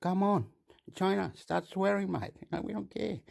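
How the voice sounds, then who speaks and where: Guy with a gravelly kinda higher voice, rambling on, laughing and cussing between thoughts. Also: normal speed, darkish tone. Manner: rambling, laughs often, swears. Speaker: commentator. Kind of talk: rambling off-the-cuff commentary.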